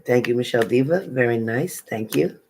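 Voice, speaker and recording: A woman's voice: extremely low pitch, lively intonation, a little fast, darkish tone, a little hiss or hum, rough recording. A woman tarot reader chatting casually on a live stream, reading out viewers' names and sometimes stumbling over them.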